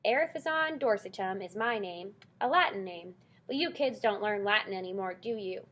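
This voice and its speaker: Lady doing a grumpy old porcupine guy, gruff and insulting, loud and bossy. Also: mid-range voice, expressive, moderate pace. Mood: scornful. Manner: scornful, bellowing, name-calling. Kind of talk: audiobook reading.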